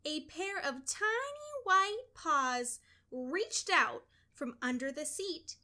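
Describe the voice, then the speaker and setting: Woman reading a kids book out loud, high bright voice, takes it slow. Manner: expressive, deliberate storytelling. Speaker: storybook reader. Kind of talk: children's story read-aloud.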